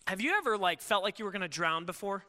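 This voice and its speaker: A man preaching a sermon in a casual, animated way, often acting out quoted voices. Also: high-pitched, quick pace. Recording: long hall reverb.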